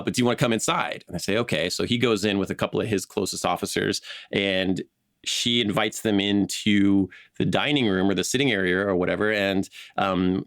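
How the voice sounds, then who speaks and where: A man co-hosting a casual podcast, telling a history story in an animated way and laughing often. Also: fairly low pitch, clear, resonant tone, no room sound, clean studio sound.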